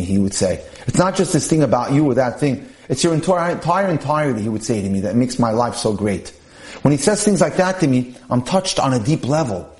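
A man reading a personal story aloud and adding his own earnest, measured commentary on marriage. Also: fairly high pitch, darkish tone, reverberant. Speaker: speaker on marriage.

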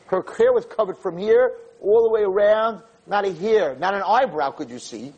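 A man from New York, a rabbi telling stories in an animated way to a live audience in a room. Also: moderate pace, breathy edge, muffled recording. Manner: animated, jumps high when quoting people. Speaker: rabbi giving a talk. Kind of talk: storytelling Torah talk to a live audience.

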